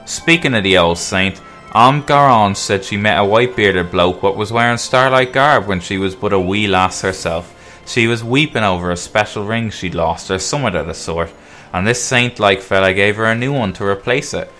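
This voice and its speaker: Gruff soft-hearted brute, put on by a man reading game lines; loud, blunt, slangy, low voice, faint music behind. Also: normal speed. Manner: rough slangy working-class talk, loud and blunt. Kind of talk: reading quest dialogue aloud in character.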